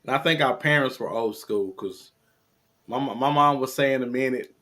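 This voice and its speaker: A man in his forties, a podcast guest, speaking in a measured, reflective way about parenting. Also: medium pitch, bright, forceful tone. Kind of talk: casual chat.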